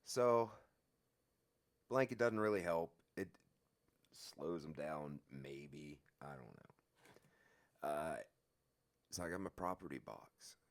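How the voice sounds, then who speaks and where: A man telling a story from his own life in a casual, profane, lively way. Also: rumbling low, slow pace, pauses often.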